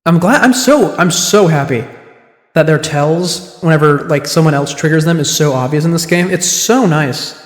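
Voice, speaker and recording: A man's voice: fairly high pitch, moderate pace. A man streaming a game, chatting in a rambling, self-deprecating way as he comments on the story. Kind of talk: casual livestream gameplay commentary. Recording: echoey room with long reverb.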